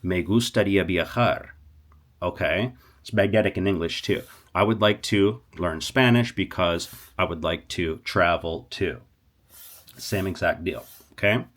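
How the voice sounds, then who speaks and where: A man teaching a casual language lesson, animated, talking straight to viewers and often stopping to restart. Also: deep voice, a little slow. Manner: animated, talks to viewers, stops and restarts a lot. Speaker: Spanish teacher.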